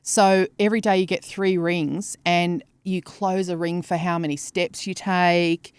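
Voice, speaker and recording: A middle-aged woman co-hosting a podcast, chatting casually and telling stories with lively swearing. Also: lowish voice, measured pace, clear, resonant tone, dry recording. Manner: animated, swearing storyteller. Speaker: podcast co-host. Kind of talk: casual chat.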